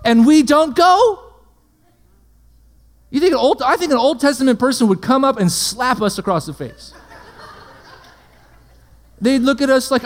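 Expressive and measured, with frequent pauses, a high-voiced man preaches a sermon full of strung-together rhetorical questions. He keeps confirming that the audience follows, and his voice echoes with long reverb like in a big hall.

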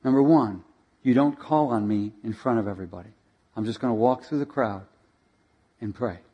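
A man voicing a humble, devout elderly water carrier who speaks softly and earnestly, in a sermon story. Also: mid-range voice, moderate pace, slightly rough, muffled recording, voice pushed down, natural voice. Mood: earnest, quiet.

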